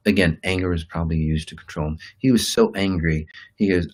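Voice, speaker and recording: A man's voice: sits low, brisk, poor audio. A man giving a rambling motivational talk as a self-help teacher, with many fillers and restarts, acting out quoted inner voices. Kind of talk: motivational talk to an online audience.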